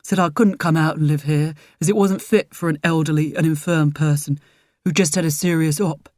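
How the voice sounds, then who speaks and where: A woman's voice: low-pitched, fairly even intonation, brisk, darkish tone, no echo, clean studio sound, lightly acted. A woman doing a wry, stubborn old man. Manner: blunt, mischievous.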